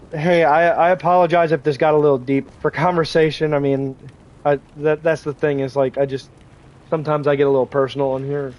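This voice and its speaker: A man's voice: a little high, a little mellow. A man in his twenties, stuffed up from draining sinuses, rambling frankly in casual livestream chat with lots of restarts. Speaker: streamer. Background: faint game vehicle noise.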